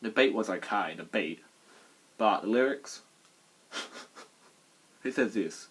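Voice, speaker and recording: A man's voice: lowish voice, expressive, takes it slowly, long pauses, a bit bright, husky. A man reviewing songs in casual chat, crude and mocking, swearing freely. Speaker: album reviewer.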